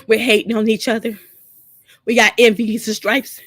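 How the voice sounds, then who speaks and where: A woman's voice: a little high, little pitch movement, normal speed, no echo. A crying woman pouring out a profane, repetitive rant to her camera, speaking. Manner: tearful, repeating herself, profane. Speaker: vlogger. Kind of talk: emotional personal rant to camera.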